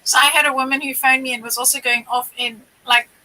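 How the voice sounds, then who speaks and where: A woman with a high, sharply bright voice chats casually as a livestream guest. She tells her stories in a wry, quick way and makes dry asides. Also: fairly even intonation, rough recording. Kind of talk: casual chat.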